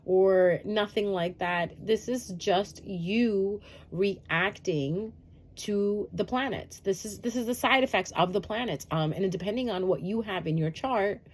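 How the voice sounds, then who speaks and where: A woman's voice: mid-range voice, a little mellow. A woman giving a casual, chatty astrology update straight to her viewers, reassuring and sprinkled with "um" fillers. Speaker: astrology reader.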